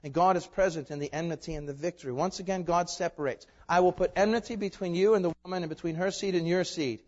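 A man preaching a sermon as pastor, emphatic, asking rhetorical questions and swinging between loud declarations and hushed asides. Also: sits high, fairly even intonation, fast talker. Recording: echoey hall, dull lo-fi sound.

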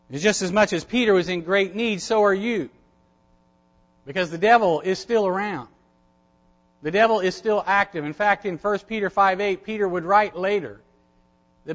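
A male pastor delivers a sermon in a high voice, stressing his points by repeating key phrases. The recording is dull and lo-fi, with the top end rolled off. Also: moderate pace, fairly bright tone.

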